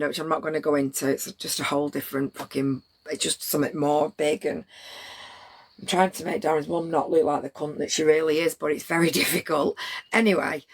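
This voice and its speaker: A woman's voice: low voice, fairly bright tone. A middle-aged woman, telling a story to her livestream chat in a blunt, rambling way with plenty of swearing.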